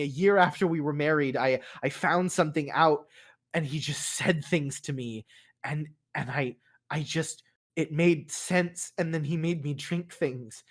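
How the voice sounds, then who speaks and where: A man voicing a frightened young noble wife under a spell, pleading for help in halting, stammering phrases. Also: fairly high pitch, a bit bright.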